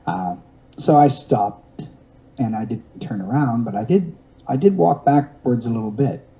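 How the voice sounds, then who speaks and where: Mellow-voiced man in his fifties spinning a yarn. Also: mid-range voice, lively intonation, a little slow, low-quality recording. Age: 50s. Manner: rambling with restarts and wry self-mocking humor. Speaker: guest telling a personal story. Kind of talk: storytelling in an interview.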